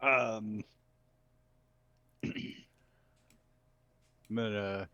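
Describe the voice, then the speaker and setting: A man plays a tabletop game, working out his turn aloud with long pauses and many ums. His voice is deep and his pace is very slow. The mic sounds dull and lo-fi. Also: no echo. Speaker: player. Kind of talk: casual tabletop game play.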